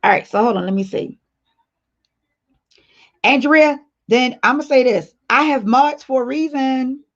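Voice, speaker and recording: On a casual livestream with dull, lo-fi audio, a woman in a high voice talks unhurriedly. She reads out comments from viewers and speaks straight to them, blunt and playful.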